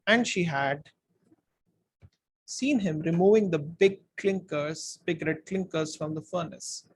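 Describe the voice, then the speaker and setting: High-voiced man reading a story aloud. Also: takes it slowly, breathy edge. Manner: expressive, talks to listeners. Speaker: book reader. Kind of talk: audiobook-style story reading.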